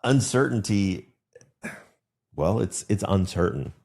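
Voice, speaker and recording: A man speaking in a casual conversation, reflective and measured. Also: lowish voice, lively intonation, vocal fry, a little mellow.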